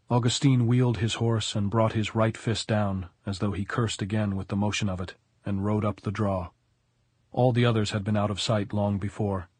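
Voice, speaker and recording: A man narrating an audiobook in a measured, even storytelling manner. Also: lowish voice, breathy edge, no room sound.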